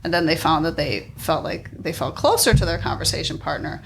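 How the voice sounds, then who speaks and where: A woman's voice: sits low, a little fast, creaky, a little hiss or hum. A woman researcher talking casually as a podcast guest, thoughtful and chatty, with frequent restarts. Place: kitchen table.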